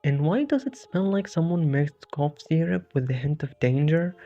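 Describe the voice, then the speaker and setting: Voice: medium pitch, lively intonation, normal speed, mellow, lightly acted. Narrator doing a jittery wisecracking horror hero, sarcastic, game parody, lo-fi. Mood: flustered. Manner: sarcastic, self-mocking quips. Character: wisecracking bewildered male hero lost in a horror town. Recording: dull lo-fi with faint music.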